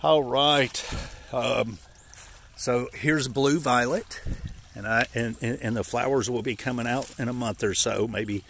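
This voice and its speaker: In this casual walking vlog, an Appalachian forager from the United States rambles folksily through a yard, pointing out wild plants and correcting himself along the way. Slightly winded and congested, he speaks at medium pitch with a steady tone and measured pace, with vocal fry, a bit of brightness, and a slight hiss or hum in the audio.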